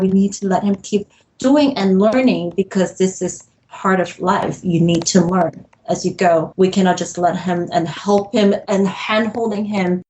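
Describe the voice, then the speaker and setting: A woman's voice: medium pitch, darkish tone, slight background noise, low-quality recording. A middle-aged woman, a podcast guest, talking candidly and emotionally about self-doubt in an interview. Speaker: podcast guest, real estate broker.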